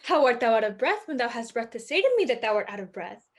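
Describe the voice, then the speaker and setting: A woman's voice: fairly high pitch, big pitch swings, fast. A woman playing an eager, impatient young girl in a video-call staged reading.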